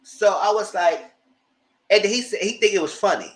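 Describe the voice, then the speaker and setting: A man's voice: high-pitched, moderate pace. A man giving a casual live review of a reality TV show, retelling scenes with exasperation and cursing.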